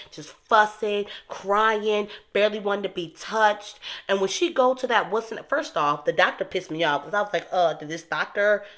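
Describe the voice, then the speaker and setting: A young woman talking casually to her viewers as she recaps a TV episode, animated and emphatic. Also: medium pitch. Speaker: TV recap host.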